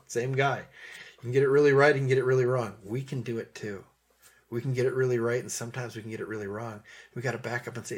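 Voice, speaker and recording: A man preaching a sermon in a conversational way, repeating phrases and dropping to a soft voice for gentle passages. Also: medium pitch, steady tone, fast, breathy edge.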